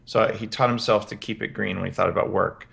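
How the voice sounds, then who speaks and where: A man as a podcast guest, explaining practical health advice in an energetic interview. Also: fairly low pitch, brisk, gravelly. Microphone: headphones with podcast mic.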